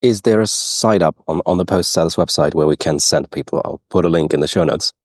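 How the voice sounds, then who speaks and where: A man hosting a podcast interview, asking short questions in a relaxed way. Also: sits low, fairly quick, husky, dry recording, studio quality. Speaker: podcast host. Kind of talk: conversational interview.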